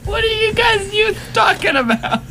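A man in casual college radio banter, jumping in with eager, quick questions. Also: very high voice, big pitch swings, pushed and bright, a little hiss or hum.

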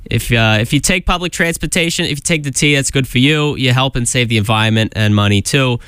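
A man's voice: medium pitch, a little fast, fairly bright tone, clear, resonant tone, dry recording, clean studio sound, close to an everyday voice. A man voicing a hammy Boston local who jokily reads a public service announcement in an exaggerated Boston accent, rambling with fillers and restarts. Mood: goofing. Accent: Boston, put on. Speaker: college radio DJ.

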